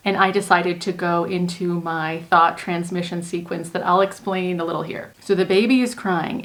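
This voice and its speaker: A young adult woman, a manifestation coach, explaining a technique calmly and earnestly step by step in a casual teaching talk. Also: on the low side, normal speed, hardly any pauses. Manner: calm, earnest explaining in spoken steps.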